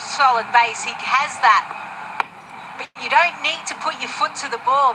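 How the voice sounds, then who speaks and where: A woman's voice: high voice, background noise. A woman doing live cricket commentary, analysing bowling and batting technique.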